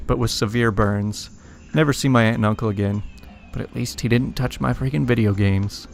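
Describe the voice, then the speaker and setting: A man's voice: mid-range voice, steady tone, brisk, hardly any pauses. Man reading internet stories with wry asides. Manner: chuckles between stories, adds wry asides. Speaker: story reader. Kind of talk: casual narration of internet stories. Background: faint music.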